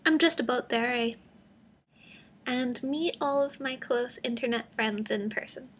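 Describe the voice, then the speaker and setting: A woman's voice: on the high side, normal speed, a little hiss or hum. A young woman talking casually to her camera in a rambling, self-deprecating way, full of fillers. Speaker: vlogger. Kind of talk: casual vlog monologue.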